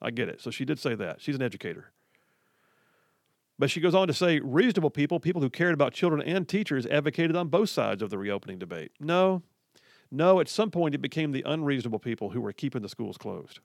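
A man hosting a talk radio show, ranting in an animated, mocking way about the news. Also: medium pitch, fast talker, creaky, no room sound, clean studio sound. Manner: animated, mocking, quotes others in put-on voices. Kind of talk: opinionated talk radio monologue.

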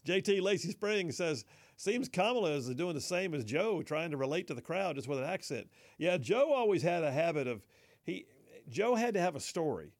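A man's voice: a little high, expressive, moderate pace. A man hosting a talk radio show, chatting wryly, reading listener texts and laughing along. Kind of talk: casual talk radio commentary.

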